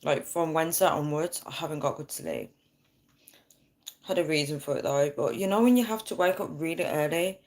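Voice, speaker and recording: A woman's voice: deep voice, lively intonation, moderate pace, a little mellow. A woman from the UK chatting casually on a livestream. She talks through her phone, answers viewer comments and laughs often. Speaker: livestream host. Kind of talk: casual live chat with viewers.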